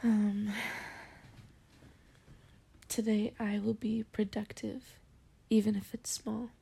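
A woman murmurs in a whispered role-play, her voice husky and full of morning gravel. She talks slowly and mellowly, gentle and encouraging toward the listener. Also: mid-range voice, flat delivery. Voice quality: gruff morning voice. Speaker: comforting companion.

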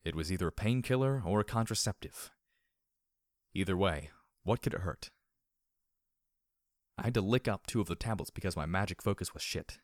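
A man reading a first-person story aloud, measured and wry. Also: low voice, expressive, no room sound, studio quality. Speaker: audiobook reader.

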